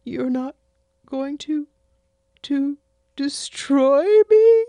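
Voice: lively intonation, very slow, dark tone, dry recording, clean studio sound, exaggerated voice. A reader putting on a whiny boy god. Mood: pleading. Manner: high, pleading, sniffly. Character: young male god, whiny, tearful, childlike. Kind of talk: audiobook fiction reading.

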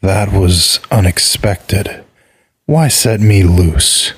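Man doing a big sly wolf, slow and smug, lowish voice, dry sound. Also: breathy edge, dry recording, full character voice. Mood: sardonic. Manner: slow, measured, sardonic. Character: huge calm male wolf, sly and mocking.

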